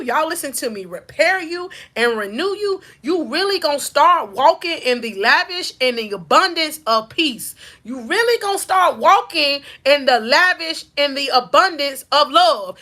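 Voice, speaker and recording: A Southern woman preaching encouragement as a life coach, her voice sitting high and ringing bright. She builds her points through rhythmic repetition and keeps calling out to her listeners. The tone is fervent, church-style exhortation. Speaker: faith-based life coach. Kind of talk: preaching-style motivational talk.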